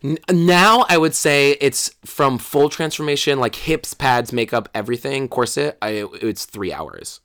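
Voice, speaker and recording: A man's voice: mid-range voice, lively intonation, unhurried, few pauses, fairly bright tone, no echo, clean studio sound. A young man, a drag performer, telling stories in a casual interview with lots of fillers and acted-out quotes. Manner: chatty storytelling, acts out quotes, many fillers.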